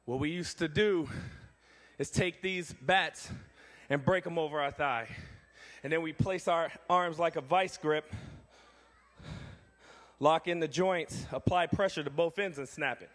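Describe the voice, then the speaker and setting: A man's voice: on the high side, unhurried. A man performing a strength ministry demonstration on stage at a church event, talking energetically and rallying the audience and kids. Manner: energetic, rallies the crowd and kids.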